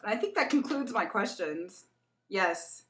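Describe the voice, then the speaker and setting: Young woman vlogger, chatty and animated, mid-pitch, recorded in a roomy home space. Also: measured pace, slight background noise. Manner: chatty and animated, with laughs while storytelling. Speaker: beauty vlogger. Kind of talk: casual get-to-know-me vlog. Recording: echoey room.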